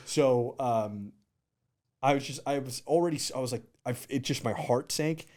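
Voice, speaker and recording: A startup founder in his thirties tells stories casually during an interview. His mid-range voice moves at normal speed, and he's animated, acting out what people said by raising his voice for the quotes.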